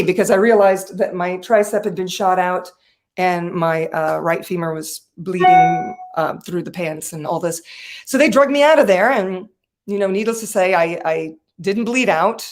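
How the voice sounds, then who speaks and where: A woman speaking as a guest on a talk show, telling a personal story with animation, often laughing and acting out the voices of people she quotes. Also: on the low side. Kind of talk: conversational storytelling.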